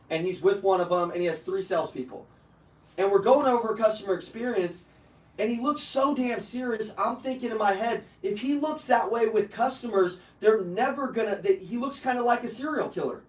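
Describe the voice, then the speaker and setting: A man running a live sales training, brash and profane, pumping up his audience and breaking into shouts. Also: high voice, echoey room, far from the mic, rough recording. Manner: brash, profane, fired-up coaching, bursts into shouting. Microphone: online video call.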